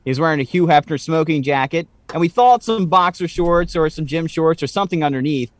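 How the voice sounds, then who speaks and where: A man's voice: a little high, a little fast. A man co-hosting a podcast in casual chat, rambling and full of "like" fillers. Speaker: podcast co-host.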